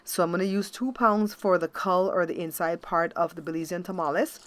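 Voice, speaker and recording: A woman's voice: lowish voice, fairly even intonation, a little fast. A middle-aged woman hosting a home cooking show, chatting casually to her viewers as she works in the kitchen and often checking in with them. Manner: chatty, talks straight to viewers with frequent checks like "okay?".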